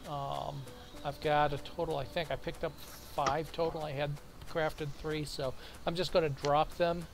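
Flat-voiced American man thinking aloud. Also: fairly high pitch, measured pace, gravelly, music in the background. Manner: methodical, thinks aloud with many fillers. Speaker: co-op game player. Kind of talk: casual gaming chat.

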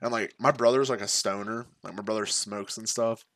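A man's voice: on the low side, fairly even intonation, a little fast, a bit bright, no echo. A young man casually telling a personal story, laid-back and profane, full of slang and fillers. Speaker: streamer.

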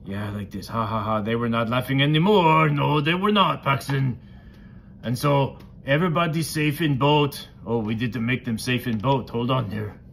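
A man's voice: medium pitch, normal speed, vocal fry, a little hiss or hum, lightly acted. A man voicing a friendly male monster puppet who tells a Bible story to a child in broken, simple grammar. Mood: playful.

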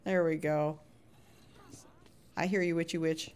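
A woman's voice: deep voice, unhurried, smooth. Chatty woman live-streaming a block game. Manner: chatty and expressive, hums little sound effects while playing; frequent laughs, jumps between hushed nervous asides and loud cheery greetings. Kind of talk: live gameplay commentary with chat greetings.

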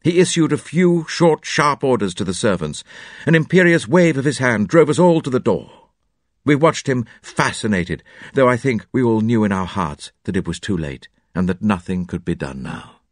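A man narrating a classic detective story with an expressive, varied delivery. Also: mid-range voice, normal speed, dry recording, studio quality. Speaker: audiobook narrator.

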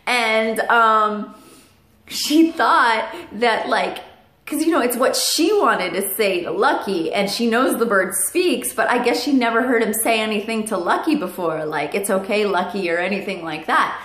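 A woman's voice: fairly high pitch, animated, measured pace, fairly bright tone. Chatty woman in an echoey room. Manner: chatty, with many fillers and asides to her parrot. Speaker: parrot vlogger. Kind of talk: casual storytelling to camera. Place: indoor room at home with her parrot.

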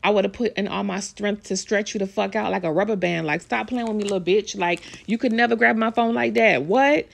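Gravelly-voiced woman ranting about gossip. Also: medium pitch, steady tone, fairly quick, hardly any pauses, a little hiss or hum. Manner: blunt, profane, emphatic ranting. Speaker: vlogger commenting on celebrity news. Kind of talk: casual celebrity gossip commentary.

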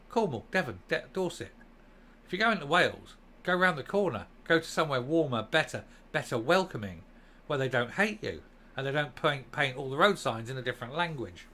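A man's voice: mid-range voice, bright, forceful tone. A man from England hosting a political opinion vlog, ranting emphatically with a sarcastic edge. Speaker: channel host.

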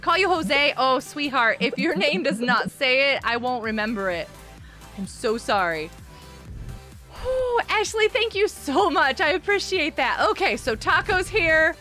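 A woman streams a game live, her voice high and swooping up and down as she chatters. She reacts excitably to the game and to viewers in the chat. Faint music plays underneath her. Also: measured pace. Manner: excitable, chatty, reads viewer chat aloud and thanks people. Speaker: live-stream gaming host. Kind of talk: casual live-stream chat while gaming.

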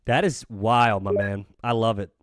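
A Philadelphia-area man streams a game with game music behind him, his lowish voice steady and unhurried. He chats casually, jokes, swears a lot, rambles, and hums to himself.

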